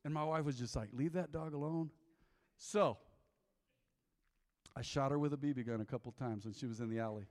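A middle-aged man preaching as a pastor, telling a confessional story with jokes, then leading an altar call, his voice swinging from loud to hushed. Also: mid-range voice, brisk, long pauses. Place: church sanctuary. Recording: long hall reverb.

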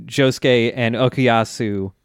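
A man's voice: medium pitch, steady tone, slow, smooth, no echo, studio quality. A man co-hosting a podcast, chatting casually as he retells anime scenes and laughing often. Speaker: podcast co-host. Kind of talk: casual chat recapping an anime.

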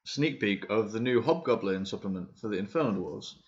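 Laid-back swearing podcast host, lo-fi. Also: male voice, on the low side, animated, brisk. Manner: swears casually, laughs easily. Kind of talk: casual chat.

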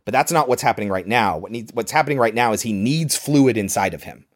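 Speaking fast and expressively at a medium pitch, this male podcast host walks through a movie scene by scene in a relaxed way. He performs the quoted lines as he goes.

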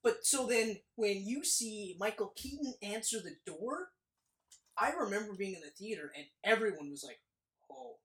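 A woman chatting casually about a movie, animated and swearing freely as she acts out scenes. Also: mid-range voice, moderate pace. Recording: echoey room.

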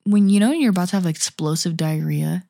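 A woman's voice: lowish voice, quick pace, gravelly, warm tone. A young woman co-hosting a podcast, chatting casually and animatedly, with frequent exclamations and swearing. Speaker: podcast co-host. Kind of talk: casual chat.

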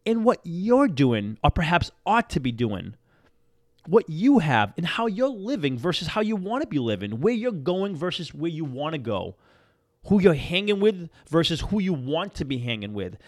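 Lively, earnest motivational podcast man. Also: a little high, no room sound, studio quality. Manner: earnest, encouraging, emphatic repetition. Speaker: podcast host and coach.

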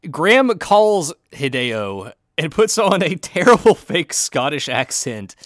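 Man, podcast co-host, plot recap, wry, very lively pitch, dry close sound. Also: takes it slowly, dry recording. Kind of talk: casual chat recapping a TV show.

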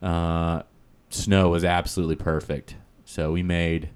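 Very deep-voiced man telling stories. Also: level tone, measured pace, darkish tone, smooth. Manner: rambling storyteller, lots of fillers and "he's like". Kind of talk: casual chat.

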